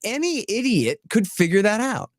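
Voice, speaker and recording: A blunt, emphatic man talking as a podcast guest, his voice pitched a bit higher than most men's. He argues with rising force and rattles off lists in quick bursts. The sound is close and dry, with no room around it. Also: no echo. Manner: emphatic, blunt and animated, piling up rapid lists; mocking tone when voicing opponents. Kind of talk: casual podcast conversation.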